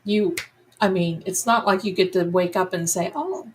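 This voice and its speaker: A woman's voice: lowish voice, normal speed, slight background noise, low-quality recording. A middle-aged woman hosting a live psychic tarot reading, musing aloud and chatting to her viewers and her cats. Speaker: psychic medium livestream host.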